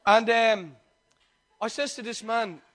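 A man, a pastor preaching a sermon and telling personal stories in a lively, chatty way. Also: high-pitched, takes it slowly. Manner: lively storytelling, chatty and conversational.

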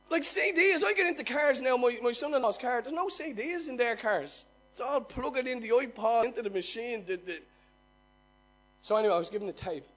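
A man's voice: very high-pitched, fairly bright tone, rough recording. A middle-aged man preaching a sermon, earnestly telling his own conversion story and asking the listeners questions. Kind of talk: sermon with personal testimony.

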